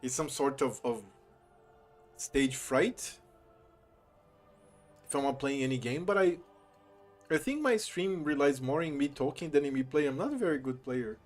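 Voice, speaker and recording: A man's voice: mid-range voice, lively intonation, moderate pace, pauses often, faint music behind. A young man whose first language is Portuguese, chatting casually and self-deprecatingly on a live stream in English.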